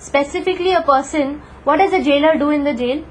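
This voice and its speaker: Woman, scripture teacher, high voice, quizzes her class as she tells stories, light noise on the recording. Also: fast, low-quality recording. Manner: storytelling, asks the class questions.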